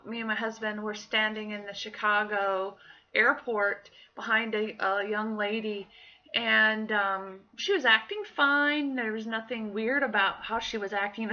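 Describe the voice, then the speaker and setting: Woman in her 30s rambling through a diary vlog, bright voice, kinda dull lo-fi sound. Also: medium pitch. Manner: chatty storytelling, acts out quoted voices. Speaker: vlogger. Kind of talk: casual personal diary vlog.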